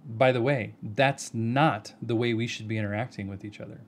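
A man giving an earnest, measured video response, addressing someone directly by name and pressing his points with rhetorical questions. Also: medium pitch, steady tone, slight background noise. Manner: earnest, argumentative, addresses the other person by name. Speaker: video commentator.

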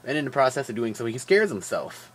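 A man rambles through his daily vlog, tired but jokey and animated. His voice sits at an ordinary middle pitch and is full of fillers and quick asides. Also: a little hiss or hum. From Wisconsin. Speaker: vlogger. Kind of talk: casual daily vlog chat.

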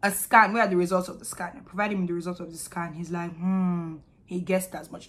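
A young woman from Nigeria with a Nigerian accent, telling a frank, animated story in a casual vlog. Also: fairly low pitch, fairly quick. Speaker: vlogger.

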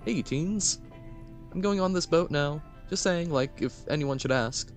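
A man's voice: fairly high pitch, a little slow, soft background music, pitched above the performer's own voice, lightly acted. A man reading a young female cat character aloud, with dry, sheepish delivery. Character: wry young female cat, college dropout.

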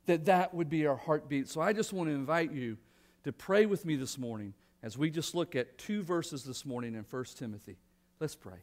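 A man's voice: fairly high pitch, expressive, moderate pace, a little mellow. A male pastor giving a conversational sermon in church, earnest and often repeating words as he restarts. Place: church sanctuary.

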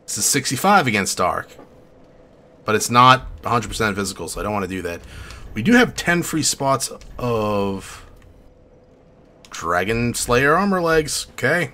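A man streaming a live playthrough, reacting excitedly, talking to chat, and muttering to himself between loud outbursts. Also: mid-range voice, measured pace. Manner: casual, swears, talks to chat. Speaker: gaming streamer. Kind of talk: live gameplay commentary.

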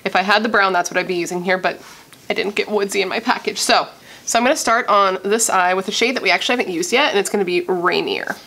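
A young woman from Missouri chatting casually and gushing as she does a makeup tutorial, thinking out loud. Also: mid-range voice, fast talker. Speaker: beauty vlogger.

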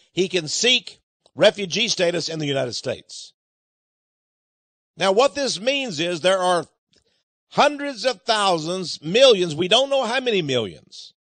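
A male radio host delivers an urgent, emphatic monologue. His voice sits high and swings widely in pitch. The sound is close and dry. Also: a bit bright, no echo. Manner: emphatic, urgent, addresses listeners as friends.

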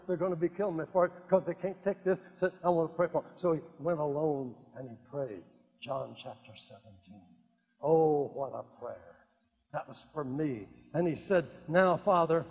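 An older man preaching a sermon, swinging between loud exclamations and hushed, drawn-out phrases. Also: high voice. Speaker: evangelist preacher. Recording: dull lo-fi recording in a reverberant hall.

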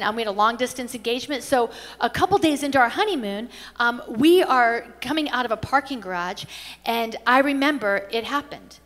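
A woman's voice: on the high side, fairly bright tone. A middle-aged woman pastor teaching at a conference, telling stories earnestly with frequent restarts. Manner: earnest storytelling with many restarts. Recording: reverberant hall.

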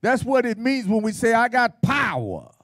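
A man's voice: very high voice, very animated, normal speed, a bit bright, no echo, clean studio sound. A man preaching at a Bible study in a folksy, playful style, with call-and-response and laughter. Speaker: pastor.

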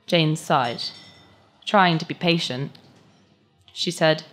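A woman reading a short story aloud at a live event, with measured, expressive narration. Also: low voice, faint music behind. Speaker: story reader.

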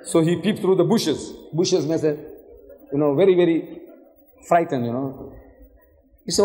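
A man's voice: a little high, measured pace, long pauses. An older man giving a public lecture on religion, telling stories with rhetorical questions and acting out the voices in quoted dialogue. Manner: animated storytelling with rhetorical questions. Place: hotel lecture hall. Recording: echoey hall reverb.

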